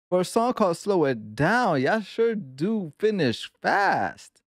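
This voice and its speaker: A man from New York hosting a casual music reaction video, excitable and careful to explain his points. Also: sits high, slow, dry recording, clean studio sound.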